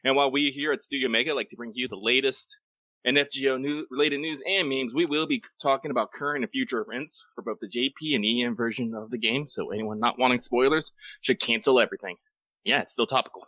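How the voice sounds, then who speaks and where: A man's voice: mid-range voice, fast talker, sharp tone, no room sound. A man co-hosting a casual live-streamed podcast, joking around and swearing freely. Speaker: podcast co-host.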